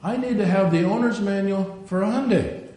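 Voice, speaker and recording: An older man with a dark-toned voice preaches a sermon at a normal pace, wandering off on tangents and acting out the quotes in his stories. The room is very echoey, with a faint rumble underneath.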